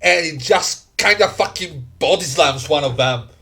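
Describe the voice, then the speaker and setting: A man narrating a tabletop role-playing game as game master, unhurried and full of fillers. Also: on the high side, lively intonation, creaky, pushed and bright.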